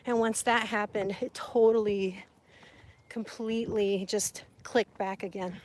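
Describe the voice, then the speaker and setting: A woman from Sonora chatting casually with live viewers, animated and quick to laugh. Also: mid-range voice, low-quality recording. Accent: Sonoran Spanish influence. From Mexico (Sonora). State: hot and sweating. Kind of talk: casual live-stream chat.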